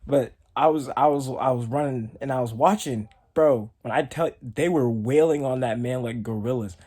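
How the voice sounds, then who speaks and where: Young adult male vlogger, mid-pitched, loose rambling storyteller full of "like". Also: normal speed, mellow. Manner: rambling, heavy use of "like". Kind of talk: casual storytelling.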